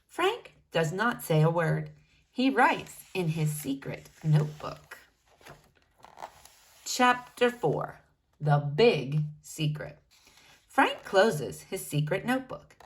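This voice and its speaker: A woman teacher reading a children's chapter book aloud in a gentle, sing-song storytelling manner. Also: fairly low pitch, sing-song, slow, pauses often. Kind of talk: children's read-aloud narration.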